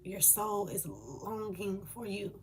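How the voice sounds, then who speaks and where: A woman's voice: mid-range voice, expressive, slow, a little hiss or hum. A woman speaking, delivering a channeled spiritual message in an earnest, emotional way with hesitant fillers.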